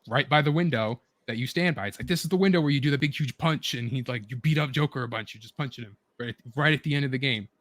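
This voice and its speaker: A man's voice: medium pitch, fairly bright tone, dry recording. Rambling enthusiastic man, dry close sound. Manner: rambling, filler-heavy, eager retelling. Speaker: show host. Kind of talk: casual chat with friends.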